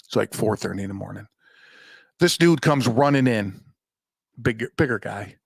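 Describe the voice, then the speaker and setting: A man's voice: lowish voice, lively intonation, moderate pace, vocal fry, husky, dry recording, clean studio sound. A man hosting a podcast, telling a personal story in a rambling, profane, self-mocking way. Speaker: podcast host. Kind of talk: casual storytelling monologue. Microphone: podcast microphone.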